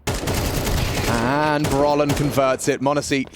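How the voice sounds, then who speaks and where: A man calling a live esports match, energetic and quick to shout at big plays. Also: medium pitch, noisy background. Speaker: esports play-by-play caster. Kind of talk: excited live game commentary. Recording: loud in-game gunfire behind. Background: loud gunfire and clicks from the match.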